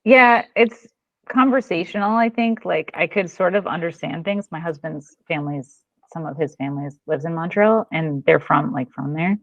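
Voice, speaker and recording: A woman's voice: lowish voice, moderate pace, no echo. A woman from Florida, a podcast guest chatting in an easygoing, giggly way. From Florida, USA. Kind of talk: casual chat. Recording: dull, dry sound.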